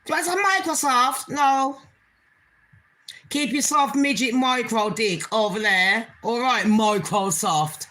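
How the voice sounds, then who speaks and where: A woman's voice: high voice, slow, bright, forceful tone. A woman hosting her own channel, ranting bluntly in casual commentary and swearing heavily with open scorn. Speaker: channel host.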